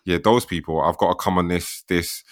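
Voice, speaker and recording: A man's voice: sits low, steady tone, moderate pace, no room sound, clean studio sound. A man, chatting casually on a podcast in a slangy, laid-back way. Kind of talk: casual chat.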